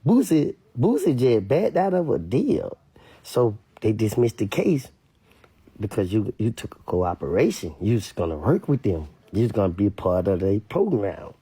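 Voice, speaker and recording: A man giving casual street commentary to camera, animated and repetitive, sometimes mimicking others in a high voice. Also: normal speed, breathy edge, dry recording.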